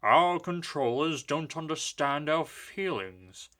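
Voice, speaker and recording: Man doing a big sly engine, talks slow and sneaky like he's in on a secret. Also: fairly high pitch, lively intonation, fairly bright tone, voice pushed up. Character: big proud sly male express engine.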